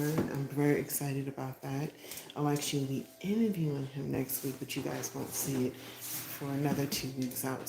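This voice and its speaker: A woman's voice: rumbling low, vocal fry. A woman hosting a casual live stream from home, chatting in a rambling, half-whispered way as she walks out to her porch. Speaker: podcast host. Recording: echoey, noisy phone livestream.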